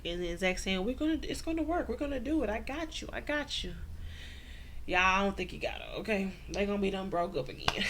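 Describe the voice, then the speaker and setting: A woman's voice: medium pitch, fairly bright tone, slight background noise. A woman giving a casual, slangy TV recap, acting out the characters' lines and laughing often. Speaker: TV recap vlogger.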